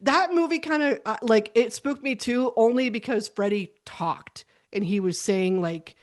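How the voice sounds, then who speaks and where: A woman hosting a casual interview, chatty and quick to laugh. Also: on the high side. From United States. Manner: chatty, animated, laughs easily. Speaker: podcast host.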